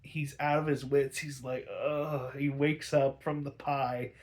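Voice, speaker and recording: A man's voice: mid-range voice, little pitch movement, a little slow, a little mellow. A young man casually recapping an episode, rambling with many fillers and frequent chuckles. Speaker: show reviewer.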